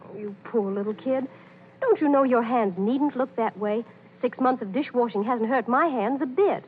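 An actress playing a young newlywed who reassures a crying friend, in a soothing manner, acted for a 1930s radio ad on a tinny broadcast. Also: female voice, fairly high pitch, moderate pace, slight background noise, close to an everyday voice.

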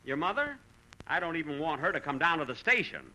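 A man's voice: on the high side, sing-song, quick pace, pushed and bright, rough recording. Man hosting a 1940s radio comedy. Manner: dry, put-upon comic timing; mock-dramatic storytelling. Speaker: comedy show host.

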